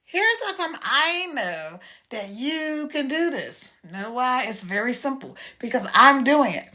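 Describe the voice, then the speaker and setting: An American woman talking casually to viewers on a live stream, chatty and persuasive as she pitches her online business program into a phone. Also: sing-song, measured pace, bright, forceful tone. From United States.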